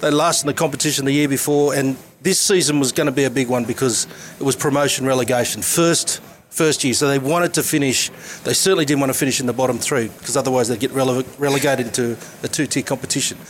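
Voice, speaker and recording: A man's voice: mid-range voice, steady tone, quick pace. Australian man, fifties, casual anecdotes, laughs a lot, faint background hum. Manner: laughs through his own anecdotes. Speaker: guest, former cricketer. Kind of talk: casual storytelling.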